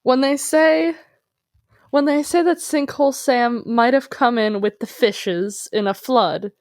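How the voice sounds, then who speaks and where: A woman with a slightly high voice co-hosts a podcast, teasing and sarcastic in her jokes. Her voice comes across dry and close, with no room echo. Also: unhurried, darkish tone. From Minnesota. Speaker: podcast co-host. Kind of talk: casual podcast chat.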